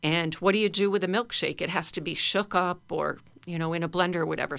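A middle-aged woman leads a guided laughter class, playful and encouraging as she chants along. Her voice sits a little low. The sound is close and dry, with no room echo. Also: steady tone, quick pace, vocal fry, few pauses, a bit bright. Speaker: laughter yoga instructor.

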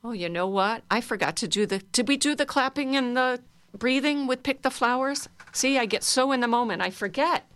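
A woman's voice: on the high side, moderate pace, fairly bright tone, no echo. A woman leading a guided laughter exercise for a group, coaxing and playful. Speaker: laughter yoga leader.

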